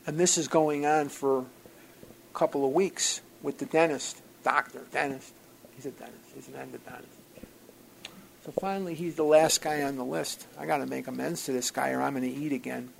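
A man telling a personal story to a group at a recovery gathering, in an animated, wry way that swings from loud outbursts to quiet asides. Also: medium pitch, moderate pace, creaky, a little hiss or hum, rough recording. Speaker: speaker sharing at a recovery program gathering.

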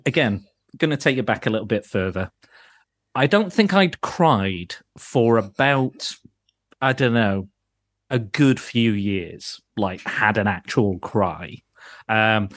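A man's voice: mid-range voice, dry recording. Rambling man, dry close sound. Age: adult, grew up in the nineties. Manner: rambling, self-deprecating, swears and laughs often. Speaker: podcast co-host. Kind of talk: casual podcast chat.

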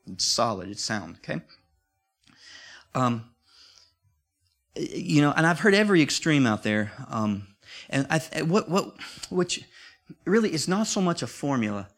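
A man's voice: fairly high pitch, very animated, unhurried, pauses often, a bit bright. A man preaching a sermon in a conversational way, often repeating himself and rising to emphatic peaks.

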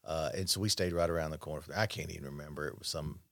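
Deep-voiced man, halting and wry. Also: steady tone, creaky, dry recording. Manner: halting, many fillers and restarts, wry. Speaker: podcast guest. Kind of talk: casual chat.

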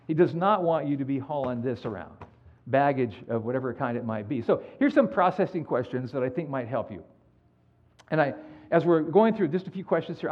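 A man preaching a sermon as pastor, animated and acting out the people in his stories. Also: fairly high pitch, muffled recording. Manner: animated storytelling, acts out quoted dialogue.

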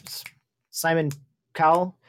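Male co-host, easygoing, a bit high, casual joking chat. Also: level tone, slow pace, fairly bright tone, a little hiss or hum. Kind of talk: casual banter.

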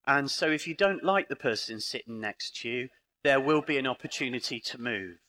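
A middle-aged man from Britain with a British English accent gives a lively conference talk in a parish hall. His mid-range voice is expressive, bright and forceful at a normal speed, and he tells dryly funny stories while acting out the dialogue.

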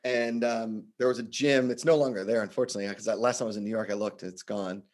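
Guy from the states spinning stories on a podcast, lively, does little voices for people. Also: on the low side, quick pace. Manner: animated, acts out quotes with shifting voices. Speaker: podcast guest telling stories. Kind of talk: casual storytelling chat.

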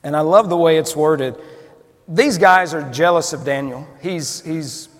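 A man's voice: fairly high pitch, measured pace, long reverb tail. A man preaching a sermon in a conversational way, asking his listeners questions.

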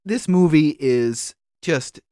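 A man's voice: on the high side, lively intonation, slow, warm tone, no echo. A man co-hosting a casual movie podcast, making wry, dry comments and sighing. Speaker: podcast co-host. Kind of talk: casual chat.

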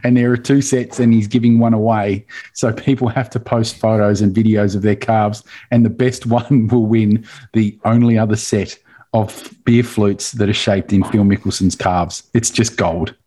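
Husky low co-host. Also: male voice, steady tone, normal speed, mellow, rough recording. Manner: enthusiastic, chuckling storyteller. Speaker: podcast co-host. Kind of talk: casual podcast banter.

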